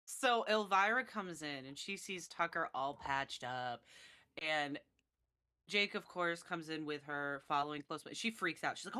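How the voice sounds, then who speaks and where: Bright-voiced woman running a tabletop game. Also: lowish voice, moderate pace. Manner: laughing, casual and animated. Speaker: game master.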